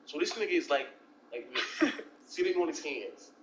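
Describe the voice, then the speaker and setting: A man's voice: moderate pace, noisy background. A man telling stories in casual chat and acting out the people in them with jumps in his voice. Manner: animated, acts out quoted voices with big pitch jumps.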